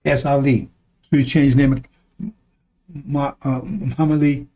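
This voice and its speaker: Mellow-voiced man preaching bluntly. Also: mid-range voice, flat delivery, normal speed. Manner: blunt and profane, repeats lines for emphasis; chuckles between remarks. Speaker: online commentator. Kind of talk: fiery preaching-style monologue.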